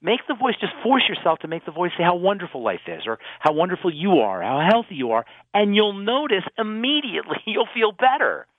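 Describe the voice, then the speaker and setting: A man's voice: high-pitched, big pitch swings, brisk, few pauses, dry recording. A man who works as a pharmacist, explaining health topics earnestly on a radio call-in show, often restarting phrases. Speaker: pharmacist guest. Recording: tinny phone-line radio audio.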